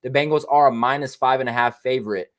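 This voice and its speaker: Un presentador de podcast habla con tono medio y se dirige a su invitado de manera relajada y conversadora. Su voz es la de un hombre corriente. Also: male voice, medium pitch, fast. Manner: relaxed, chatty, calls guest "man". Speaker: podcast host. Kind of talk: casual interview.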